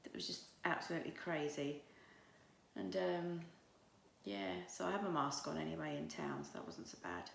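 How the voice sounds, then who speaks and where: A woman's voice: sits low, animated, moderate pace, roomy sound, slight background noise. Chatty woman vlogging on a phone. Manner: half-whispered, breathy asides while walking; chatty and rambling with many fillers. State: out of breath. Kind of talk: casual chatty vlog. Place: outdoors on a road at night, walking uphill; at home indoors. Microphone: phone held at arm's length.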